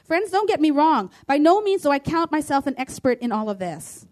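A woman's voice: high voice, big pitch swings, normal speed, darkish tone. A woman pastor preaching a sermon, emphatic and declaring, reading scripture aloud.

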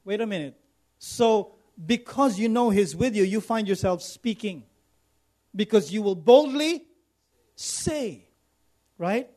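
A man's voice: high-pitched, expressive, slow pace, long pauses, darkish tone. A man preaching a sermon, repeating phrases for emphasis and calling for responses from the congregation. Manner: preaching with rising emphatic repetition. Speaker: pastor.

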